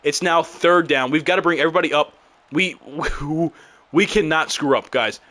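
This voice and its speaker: A young man commentating his own football video game, frustrated and exasperated, breaking into loud outbursts. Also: a little high, normal speed. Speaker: gaming YouTuber. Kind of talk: live gameplay commentary.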